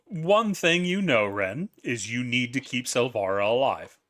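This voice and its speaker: Man game master, bright tone, casual, laughs a lot, swears freely. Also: medium pitch, animated, unhurried. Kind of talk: running a tabletop game.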